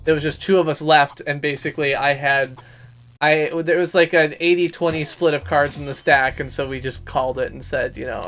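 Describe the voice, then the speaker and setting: A man's voice: fairly high pitch, steady tone, brisk, a bit bright. A man chatting casually as a gaming streamer, rambling and poking fun at himself while he plays. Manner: chatty, self-mocking, rambling. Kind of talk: casual gameplay commentary. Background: faint game music.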